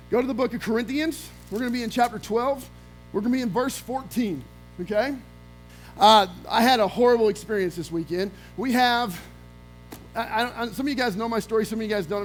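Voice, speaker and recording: High-voiced pastor preaching with energy. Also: male voice, poor audio. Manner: energetic storytelling with acted-out quotes. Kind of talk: sermon. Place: church sanctuary.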